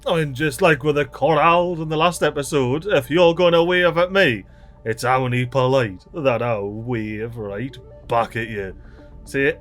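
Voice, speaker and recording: A man giving chatty, excitable let's-play commentary, full of mild swearing and local slang. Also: medium pitch, measured pace, faint music behind. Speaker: gaming video host.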